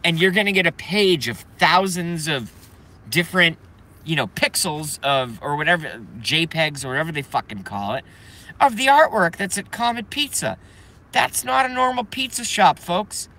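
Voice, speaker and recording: A man hosting a live stream, ranting in a profane, heated way that swings between loud outbursts and muttering. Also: fairly high pitch, lively intonation, moderate pace. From Boston, Massachusetts.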